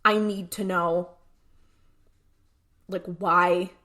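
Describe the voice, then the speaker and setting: A woman's voice: fairly low pitch, fairly even intonation, drawn-out words, pushed and bright. A young woman co-hosting a podcast, recapping an episode in casual chat full of fillers. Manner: chatty recap with many fillers and acted-out quotes. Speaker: podcast co-host.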